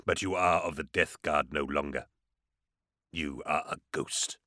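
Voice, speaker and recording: A man's voice: rumbling low, fairly even intonation, bright, forceful tone, dry recording, clean studio sound, pitched below the performer's own voice. A man doing an ancient, grave psyker regent. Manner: slow, grave, intoning. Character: ancient, solemn, powerful male psyker regent. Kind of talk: audiobook character voice.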